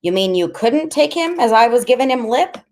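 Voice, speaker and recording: A woman reading a story aloud and voicing a tiny, excitable genius boy who shouts gleefully in a shrill voice. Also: slow, heavily acted. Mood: teasing.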